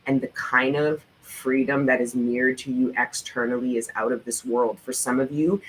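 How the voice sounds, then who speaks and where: A man's voice: medium pitch, pushed and bright, slight background noise, poor audio. A man giving a tarot reading in a vlog, speaking in an emphatic, profane, motivational way and repeating his encouragement with fervour. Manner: repetitive, fervent encouragement. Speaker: tarot reader.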